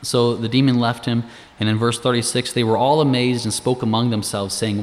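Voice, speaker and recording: A man's voice: medium pitch, steady tone, brisk, in a large hall. A man giving a casual, conversational Bible teaching, explaining verses, asking rhetorical questions and chuckling between points.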